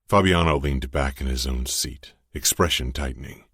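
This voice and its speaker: Man, audiobook narration, deliberate, menacing, husky, dry close sound. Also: rumbling low, steady tone, a bit bright, no room sound. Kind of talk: first-person audiobook narration.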